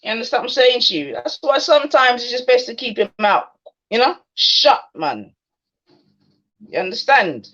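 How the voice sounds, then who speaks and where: A woman's voice: a little high, lively intonation, normal speed, a bit bright. A woman hosting a livestream, taunting and confronting a skeptic in casual slang. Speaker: livestream host. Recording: dull lo-fi stream audio.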